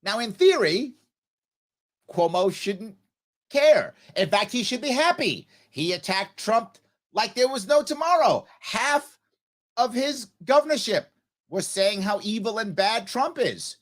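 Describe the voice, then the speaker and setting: A man's voice: high-pitched, animated, measured pace, fairly bright tone. A man hosting a political talk radio show, telling a history story with rhetorical questions and answering them himself.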